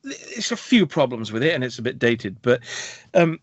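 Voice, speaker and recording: A man's voice: mid-range voice, big pitch swings, no echo. Podcast co-host, British male, chatty and wry, dry dull lo-fi recording. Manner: chatty, quick asides, self-deprecating humour. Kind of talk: casual film review chat.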